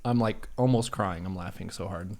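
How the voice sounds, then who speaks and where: A man's voice: deep voice, moderate pace, a little mellow. Playful laughing male stream host. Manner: playful, laughs a lot, teasing. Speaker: show host. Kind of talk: casual live-stream chat.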